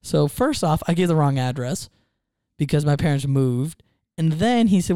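A man's voice: fairly high pitch, moderate pace, clear, resonant tone, no echo, studio quality. A man, co-hosting a casual podcast and telling a story, acting out what others said. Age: 20s. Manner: animated storyteller, acts out quotes. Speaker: podcast host.

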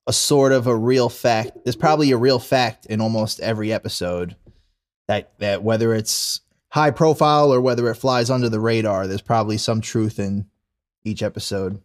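A man's voice: on the low side, normal speed. A man co-hosting a casual podcast, talking in a laid-back, meandering way and swearing freely. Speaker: podcast co-host.

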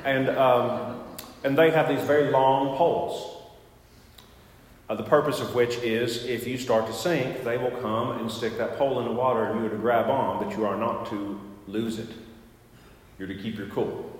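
A man's voice: mid-range voice, steady tone, normal speed. A man, a pastor, telling a personal story in a sermon, conversational and full of fillers and restarts. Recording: echoey church hall with long reverb.

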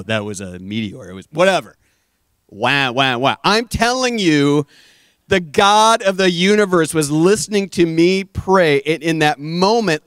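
A man's voice: high-pitched, no room sound, clean studio sound. Earnest middle-aged male preacher. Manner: earnest storytelling, drops to a hush for emphasis; addresses the audience as "guys". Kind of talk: conversational sermon.

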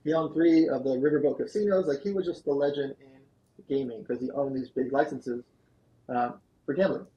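A man, a guest on a podcast, telling a long story in an animated, fast-moving way. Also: mid-range voice, lo-fi sound. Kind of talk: storytelling interview answer. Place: podcast studio.

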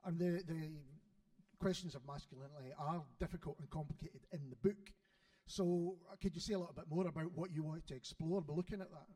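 A male interviewer asks hesitant, reflective questions. His voice is mellow and a touch high for a man. He sounds set back from the mic. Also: a little fast. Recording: distant mic.

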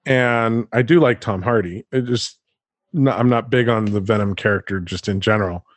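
A man hosting a casual podcast conversation, chatty and animated, laughing often as he relays news. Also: on the low side, normal speed, no echo. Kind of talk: casual chat.

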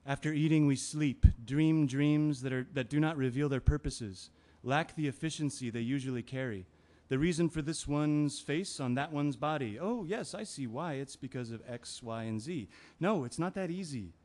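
A man's voice: a little high, normal speed, hardly any pauses, a little mellow, close to an everyday voice. An actor playing an anxious man, speaking an inner monologue that turns brooding and angry. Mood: dreamy. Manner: brooding, bursts into anger. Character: anxious man whose partner is ill. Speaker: Ben's partner. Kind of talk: audio drama acting, inner monologue.

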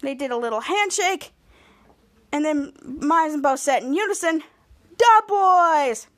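The host of this podcast is a woman with a high voice who talks at normal speed. She informally recaps a TV episode, voicing the characters' lines with lots of life.

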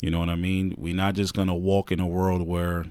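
A man's voice: deep voice, completely flat delivery, brisk, a little mellow, clean tone, no echo. A man co-hosting a podcast, giving earnest advice in a casual chat, often repeating himself and saying "man" and "you know what I mean". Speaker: podcast co-host.

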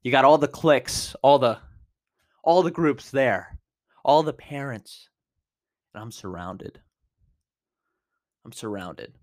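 A man in his twenties hosting a podcast, telling a personal story in a casual, animated way, with big jumps in pitch and loudness. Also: slow, long pauses. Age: 20s. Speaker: podcast host.

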